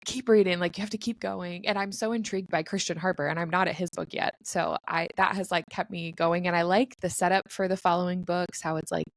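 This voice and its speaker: A woman's voice: lowish voice, fairly even intonation, fairly quick, hardly any pauses, no room sound. Woman book podcast cohost, chatty, lots of likes and laughs, dry mic. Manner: chatty, frequent fillers and laughs. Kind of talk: casual chat.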